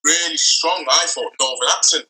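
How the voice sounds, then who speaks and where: A man's voice: fairly high pitch, normal speed, a loud crowd. A man in his twenties, reminiscing in a casual podcast chat with rambling asides. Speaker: podcast co-host. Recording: roomy echo.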